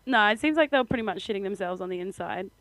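A woman's voice: medium pitch, animated, racing, a bit bright, dry recording, rough recording. A young Australian woman co-hosting a podcast, telling a story in casual chat with frequent laughter. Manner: chatty storytelling, laughs often. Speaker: podcast co-host.

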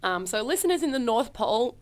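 A woman co-hosting a casual comedy chat show, playful and quick to laugh, often acting out little voices. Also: a little high, sing-song. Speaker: co-host.

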